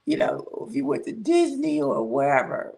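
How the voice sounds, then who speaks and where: Gravelly high-voiced woman in her 60s. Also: wildly swooping pitch, darkish tone. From southern United States. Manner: chatty, laughs often, drawn-out thanks. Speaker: livestream host. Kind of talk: casual live chat greeting viewers.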